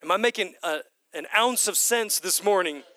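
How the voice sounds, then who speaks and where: A man preaching a sermon to his congregation, animated, swinging between loud bursts and hushed whispers. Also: high voice, moderate pace, dry recording. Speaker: pastor. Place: church hall with congregation.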